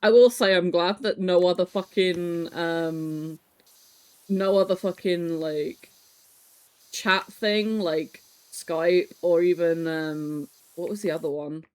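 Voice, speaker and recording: Speaking slowly in a clean, mid-range tone over poor audio, a thirty-something streamer cleans while chatting casually with the audience. The talk is nostalgic and animated, full of free swearing and frequent laughter.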